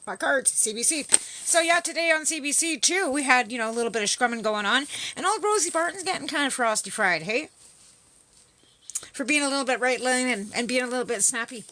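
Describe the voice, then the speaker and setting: A woman's voice: high voice, lively intonation, normal speed, long pauses, sharp tone. A middle-aged woman from Canada hosting a livestream, talking in a casual, rambling and profane political rant. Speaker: livestream host. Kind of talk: casual ranting chat.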